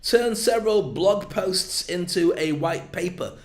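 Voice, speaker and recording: A man's voice: high voice, unhurried, reverberant. A man with a northern English accent, giving a chatty, jokey video lesson on content marketing. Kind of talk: casual video lesson to camera.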